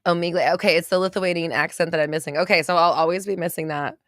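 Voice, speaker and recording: A woman's voice: lowish voice, fairly even intonation, fast, fairly bright tone, no room sound, clean studio sound. Bubbly valley-girl woman host. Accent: American valley girl. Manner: bubbly, chatty, lots of fillers and laughs. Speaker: podcast host. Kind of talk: casual livestream chat reading viewer comments. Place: home studio.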